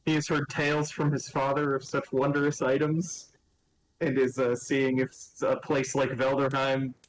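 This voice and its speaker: A man's voice: mid-range voice, flat delivery, normal speed, rough recording. A man playing his character at a tabletop game in casual talk, hesitant and full of fillers. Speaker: player.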